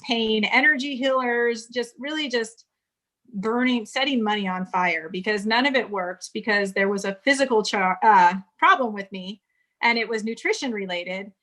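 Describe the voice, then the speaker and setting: Woman in her 40s from California, interview guest, bright and forceful tone, recounts her past frankly. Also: fairly high pitch, moderate pace. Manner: candid storytelling, quotes others in dialogue. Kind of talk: casual interview conversation.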